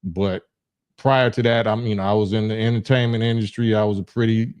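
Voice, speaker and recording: A man's voice: fairly low pitch, steady tone, brisk, darkish tone, smooth. A middle-aged man from Los Angeles hosting a livestream call-in, talking bluntly in casual street slang with frequent restarts. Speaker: livestream host.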